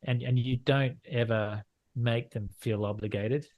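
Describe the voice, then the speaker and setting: A middle-aged Australian man from Western Australia, a landscape photographer who also owns a gallery, speaks frankly in a casual interview, often repeating and restarting phrases. His voice is medium-pitched and steady, a little slow, with the highs cut off.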